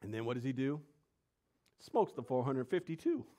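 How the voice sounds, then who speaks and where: A man preaching a sermon, telling the story in slangy, animated speech and asking his audience questions. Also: mid-range voice, moderate pace.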